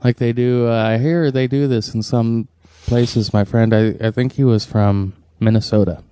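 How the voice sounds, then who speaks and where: Smooth-voiced man rambling casually. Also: mid-range voice, fairly even intonation, normal speed, warm tone, dry recording. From US Northwest. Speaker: podcast co-host. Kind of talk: casual chat.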